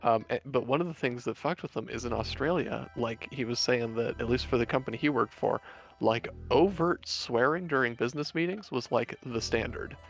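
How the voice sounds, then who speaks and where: A man's voice: mid-range voice, normal speed, gravelly, soft background music. A man streaming, chatting casually and telling a long story with lots of fillers and swearing. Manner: laid-back storyteller, many fillers and swearing. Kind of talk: casual chat.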